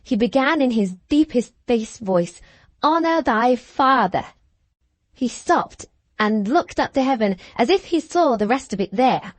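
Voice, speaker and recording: A woman's voice: fairly high pitch, lively intonation, a little slow, dry recording. A woman voicing a hard, bitter young schoolgirl who talks with satirical scorn in an audiobook. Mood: scornful. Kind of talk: audiobook character reading.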